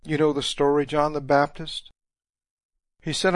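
A man's voice: fairly high pitch, level tone, dry recording, clean studio sound. A man preaching a sermon, reading scripture and retelling it in plain, emphatic paraphrase. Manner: slow, emphatic Bible teaching with paraphrased dialogue.

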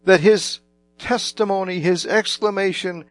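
A man preaching a sermon slowly and emphatically, with dramatic swings in loudness. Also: high voice, fairly even intonation.

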